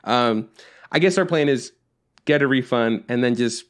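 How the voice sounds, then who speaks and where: A man's voice: mid-range voice, normal speed. A man co-hosting a podcast, telling a story in casual chat, acting out both sides of a phone call and swearing often. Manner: frequent swearing, exasperated. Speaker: podcast co-host.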